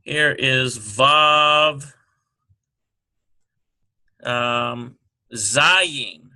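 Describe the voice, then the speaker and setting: A man slowly working through a language exercise, sounding out syllables and spelling letters one by one. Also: mid-range voice, sharp tone. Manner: slow and halting, sounding out syllables. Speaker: Hebrew teacher. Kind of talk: screen-recorded lesson walkthrough.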